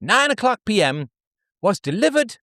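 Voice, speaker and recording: A man reading a pioneer woman's diary aloud in a raised, put-on woman's voice, listing chores in a measured way. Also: sing-song, bright, forceful tone, no room sound, studio quality, heavily acted. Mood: earnest. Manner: high, measured recital of daily chores. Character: prim, steady adult pioneer woman reading her diary.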